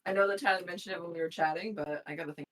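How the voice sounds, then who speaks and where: A woman's voice: on the low side, steady tone, very fast. A woman player in a tabletop role-play, blunt and practical in character, haggling over pay.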